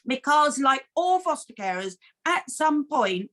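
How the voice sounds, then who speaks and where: Middle-aged woman, foster carer answering interview questions, earnest and animated, slightly high voice. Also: a little slow. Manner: earnest, animated storytelling with many restarts.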